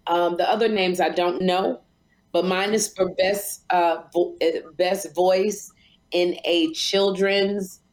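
A woman co-hosting a casual chat, animated and excitable. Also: on the low side, takes it slowly. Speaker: co-host.

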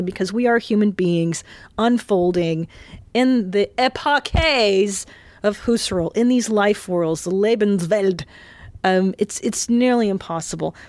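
A woman's voice: medium pitch, no echo. A woman hosting a casual solo podcast, talking in a rambling, chatty way with loose fillers, restarts and the odd swear word. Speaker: podcast host. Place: hotel room.

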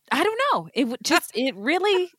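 A woman's voice: high voice, big pitch swings, moderate pace, fairly bright tone, no room sound, studio quality. A woman co-hosting a true crime podcast, chatting casually, rambling and laughing often. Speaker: podcast co-host. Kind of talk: casual chat.

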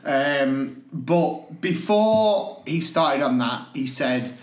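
Animated man in an echoey room. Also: on the high side, drawn-out words. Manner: laughing, animated mock rants. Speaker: podcast co-host and teacher. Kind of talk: casual podcast chat.

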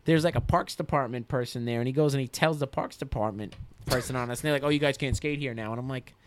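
A man from New York telling animated, profane stories in a casual podcast chat. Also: medium pitch, fast, a little hiss or hum. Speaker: guest, skate photographer.

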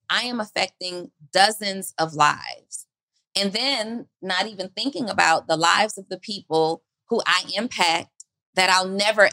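A woman's voice: mid-range voice, bright, forceful tone, no echo, low-quality recording. A woman hosting a motivational podcast, preaching through repeated rhetorical questions. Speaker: podcast host.

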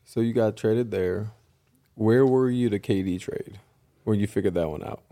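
Low-voiced man co-hosting a chat. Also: warm tone. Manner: laughs along, quick interjections. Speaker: podcast co-host. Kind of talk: casual chat.

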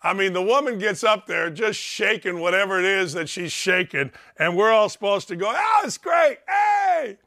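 A man hosting a sports talk show in a high-pitched voice. His tone is bright and sharp. He rants sarcastically and mocks with loud bursts. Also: normal speed, few pauses. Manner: sarcastic, mocking, loud outbursts, frequent laughing asides.

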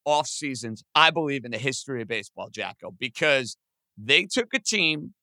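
Excitable, bright-voiced male sports podcaster. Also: mid-range voice, no echo. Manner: excitable, talks fast with lots of "like". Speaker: podcast co-host. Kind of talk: casual sports chat.

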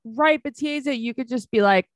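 A woman co-hosting a podcast in casual chat, chatty and quick to agree and jump in. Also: sits high, no room sound, clean studio sound. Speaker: podcast co-host.

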